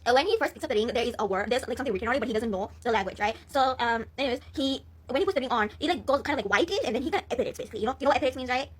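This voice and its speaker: A woman's voice: fairly high pitch, animated, very fast, few pauses, breathy edge. A young woman rambling casually as she retells a story, with lots of fillers, swearing and laughter. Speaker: vlogger.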